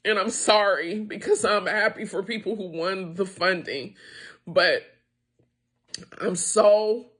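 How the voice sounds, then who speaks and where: A woman's voice: medium pitch, a little slow, fairly bright tone, breathy edge. An American woman who owns a wine tasting room, venting to her viewers in a frustrated, emotional rant about being denied a grant. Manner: upset, frustrated, venting with profanity. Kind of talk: emotional direct-to-camera rant.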